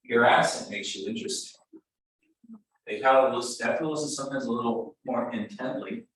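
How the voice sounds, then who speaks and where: A man's voice: mid-range voice, normal speed. A man with a Californian accent coaches his listeners bluntly and with lots of animation. He is heard from a distance, and the room around him is strongly echoey. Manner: blunt, animated, retells stories with acted quotes. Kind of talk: casual coaching talk.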